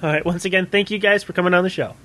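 Podcast host guy, kinda high voice, rambly, lots of um and uh, laughs a bunch. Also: fairly even intonation, rapid-fire, pushed and bright. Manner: rambling, laughs often, many fillers. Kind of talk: casual chat.

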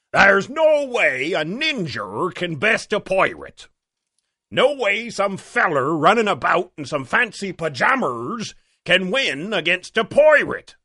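A gruff, boastful old sea dog, as a man puts him on, drawling slowly and growling in a gravelly voice. His pitch swoops wildly from high to low, and the sound is bright and dry. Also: no echo, full character voice. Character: gruff old male pirate, boisterous and boastful. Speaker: webcomic reviewer. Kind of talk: pirate-voiced comic review.

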